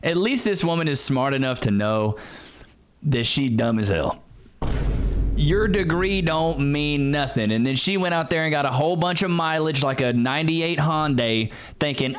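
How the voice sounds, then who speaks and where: A man's voice: on the high side, lively intonation, moderate pace, fairly bright tone. A man hosting a reaction video, giving scoffing, slangy, sarcastic commentary on a clip.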